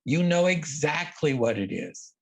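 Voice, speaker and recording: A man's voice: fairly high pitch, animated, a little slow, creaky. A man guest in an interview, talking in an earnest, reflective way and repeating words for emphasis. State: emotional. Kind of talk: casual conversation. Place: at home, by a lawn near the ocean.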